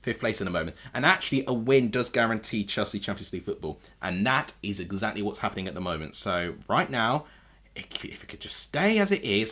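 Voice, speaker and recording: At home in a room with a TV, a man streams a live football watchalong, reacting to the match and often correcting himself aloud. His voice is medium-pitched and fairly bright.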